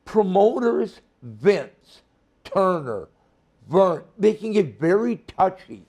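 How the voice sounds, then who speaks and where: Blunt, profane older man, high voice. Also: big pitch swings, takes it slowly, darkish tone. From Minnesota, USA. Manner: blunt, profane, heated storytelling. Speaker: guest, former wrestler. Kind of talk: storytelling interview.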